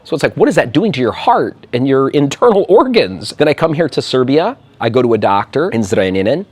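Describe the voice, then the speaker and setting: An American man from Illinois talks in a casual interview. He speaks fast and animatedly, acting out the people in his stories. His voice sits at an ordinary middle pitch for a man. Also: husky, dry recording. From Illinois, USA. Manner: animated, talks fast, storytelling with quoted dialogue. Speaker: interview guest, expat.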